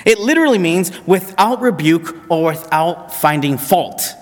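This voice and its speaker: A man's voice: a little high, animated. Emphatic preacher man in a reverberant hall. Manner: emphatic, with slowed, repeated key phrases. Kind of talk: sermon.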